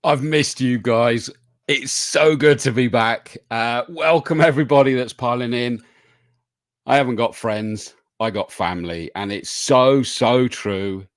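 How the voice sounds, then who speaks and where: A man's voice: mid-range voice, measured pace, dry recording. Man, live show host, jokey, greets viewers by name, dry sound. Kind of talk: casual live show chat.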